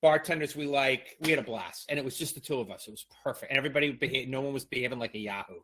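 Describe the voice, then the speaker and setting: A middle-aged man from the Boston area, co-hosting a podcast in casual chat, opinionated and animated as he tells stories. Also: medium pitch, racing, husky. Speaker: podcast co-host.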